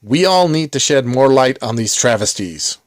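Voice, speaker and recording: A man's voice: medium pitch, expressive, normal speed, dry recording. Male host, middle-aged, mock-earnest sarcastic commentary, dry close sound. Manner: heavy mock-sincere sarcasm. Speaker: movie collector vlogger. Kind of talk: satirical commentary.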